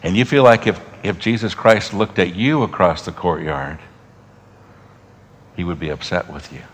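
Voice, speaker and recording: A man preaching a sermon to a congregation, moving from strong, raised passages down to soft, almost whispered lines with long pauses. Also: low-pitched. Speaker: pastor.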